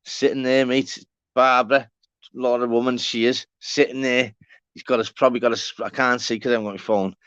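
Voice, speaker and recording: A man's voice: medium pitch, flat delivery, brisk, fairly bright tone, clear, resonant tone, dry recording, lo-fi sound. A man from Liverpool with a Scouse accent, hosting a rambling, casual live stream, swearing and calling his viewers by name. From Walton, Liverpool, England.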